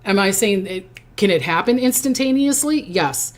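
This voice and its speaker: A woman's voice: mid-range voice, lively intonation, normal speed. A woman psychic giving a casual, chatty horoscope reading, repeating her phrases and reading out viewer comments as she goes. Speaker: psychic reader.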